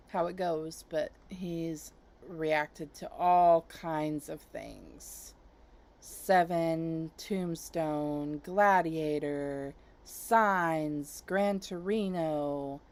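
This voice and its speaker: Low-voiced woman chatting enthusiastically. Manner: rambling and enthusiastic, many fillers and soft laughs. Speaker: YouTube channel host. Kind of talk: casual chat, recommending channels.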